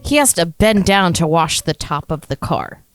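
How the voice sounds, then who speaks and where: A woman co-hosting a casual podcast, playful and quick with jokes. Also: on the low side, lively intonation, dry recording, soft background music. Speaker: podcast co-host. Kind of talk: casual chat.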